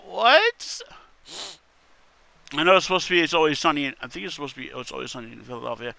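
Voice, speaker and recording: A man's voice: on the high side, animated, quick pace, vocal fry, bright, forceful tone, no room sound. A man reading internet posts aloud in casual commentary, wry and muttering, with casual swearing. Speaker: content creator reading posts.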